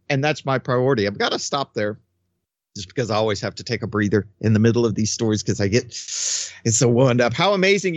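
A mid-pitched man delivering mocking political commentary full of sarcasm. His voice sounds close and dry, with a dull, lo-fi tone. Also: no room sound. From United States. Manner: mocking, sarcastic, laughs at his own jokes.

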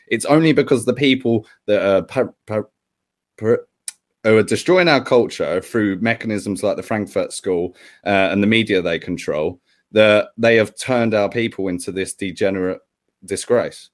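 Brief: male panel guest, lowish voice, insistent delivery, restarts words when pushing a point. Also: normal speed. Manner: emphatic, insistent, stumbles on words. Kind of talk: casual panel chat.

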